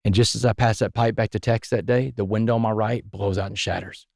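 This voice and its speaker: Podcast guest, male, low voice, dry close sound, dramatic storyteller. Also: fairly even intonation, fairly quick, vocal fry, darkish tone, dry recording. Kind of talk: telling his life story in conversation.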